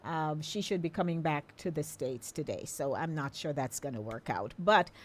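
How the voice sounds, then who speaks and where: A woman's voice: low-pitched, animated, moderate pace. A middle-aged Jamaican woman hosting a live call-in radio show, chatting in a coaxing, friendly way and inviting listeners to phone in.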